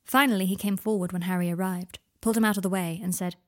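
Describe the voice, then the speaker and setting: A woman narrating fan fiction in a measured, intimate storytelling voice. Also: medium pitch, fairly even intonation.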